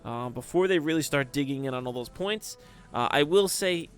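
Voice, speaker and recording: A young man giving casual, rambling commentary on a strategy game, often breaking into excited exclamations. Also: fairly high pitch, normal speed, faint music behind. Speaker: game caster.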